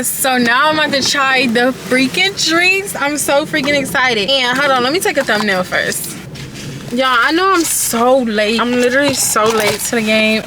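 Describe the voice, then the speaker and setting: A woman vlogging casually to her phone from her car, chatty and quick to laugh. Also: high voice. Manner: chatty, laughs often, loose and playful. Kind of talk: casual vlog chat to camera. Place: in a car at drive-thrus. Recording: noisy car with traffic around.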